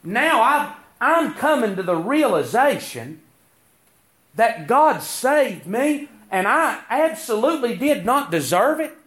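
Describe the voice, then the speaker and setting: Male preacher, high animated voice, slow deliberate sermon delivery. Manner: preaching cadence, rhetorical questions, quoting scripture.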